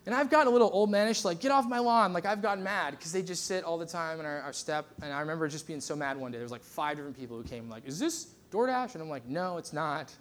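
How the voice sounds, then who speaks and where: A man preaching a sermon in a loose, conversational way. His voice sits a little high for a man. He jumps between stories and asides, full of fillers and quick restarts. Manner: conversational, animated storytelling with lots of fillers. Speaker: pastor.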